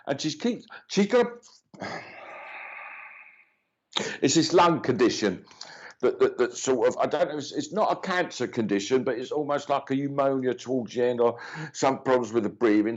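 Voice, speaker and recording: A man hosts a live mediumship stream in a rambling, chatty way. He greets viewers by name and keeps stopping to restart. His voice sits at a middle pitch and comes through dull, lo-fi stream audio. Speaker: medium hosting a live reading show.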